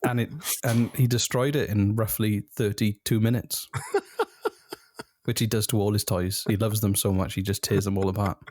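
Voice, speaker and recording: A man's voice: on the low side, fairly even intonation, unhurried, a little mellow, no room sound, studio quality. A man co-hosting a podcast in casual chat, chuckling often and starting over with little hesitations. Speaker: podcast co-host.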